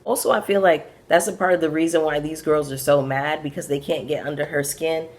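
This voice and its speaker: Young woman, Brooklyn accent with Bajan and patois flavour, low voice, animated TV recapper. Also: brisk. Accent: Brooklyn with a Bajan and Caribbean patois touch. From Brooklyn, USA. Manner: sassy, animated, frank asides to viewers. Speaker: YouTube reality TV recapper. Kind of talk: casual recap commentary.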